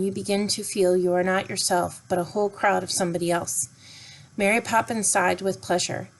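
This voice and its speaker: A woman's voice: medium pitch, poor audio. Woman reading a storybook aloud. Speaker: narrator.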